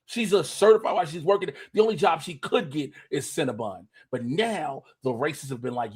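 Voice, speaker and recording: Husky, high-voiced man ranting profanely. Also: lively intonation, brisk, hardly any pauses. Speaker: podcast co-host, comedian. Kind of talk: heated casual chat. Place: home apartment, at his camera.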